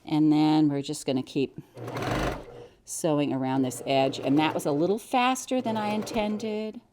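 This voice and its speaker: A woman's voice: low-pitched, unhurried, background noise. A middle-aged American woman teaching quilting, chatting cheerfully as she explains each step while she cuts and sews. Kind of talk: hands-on sewing tutorial.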